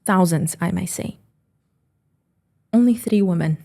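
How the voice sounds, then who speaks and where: A woman entrepreneur talking on a podcast, telling animated stories bluntly and swearing freely. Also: medium pitch, moderate pace. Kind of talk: casual podcast chat.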